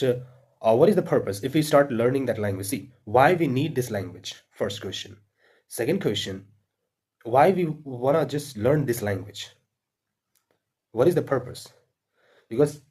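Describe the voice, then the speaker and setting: A man's voice: mid-range voice, darkish tone, breathy edge. A man with an Indian accent giving earnest, repetitive spoken advice to English learners, with frequent fillers and restarts.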